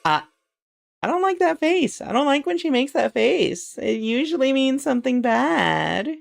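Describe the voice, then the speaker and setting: A woman's voice: high-pitched, very animated, a little slow, gravelly. A woman streaming a visual novel, chatting casually and reacting aloud as she plays. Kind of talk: casual live commentary. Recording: voice over game music.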